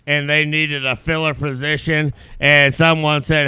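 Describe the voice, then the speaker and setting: A man's voice: on the high side, level tone, a little slow, sharp tone, smooth, no echo. A man co-hosting a podcast in casual chat, laid-back and agreeable, calling his friend bro. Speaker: podcast co-host.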